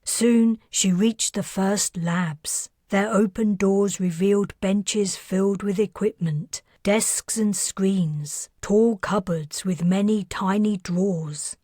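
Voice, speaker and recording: Slow, husky woman narrating an audiobook. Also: mid-range voice, no room sound, studio quality. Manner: calm, measured storytelling. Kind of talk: scripted narration.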